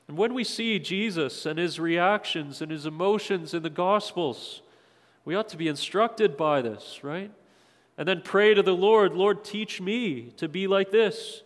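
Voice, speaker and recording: A man's voice: sits high, in a large hall. A man preaching a sermon as pastor, earnest, often putting rhetorical questions to the congregation.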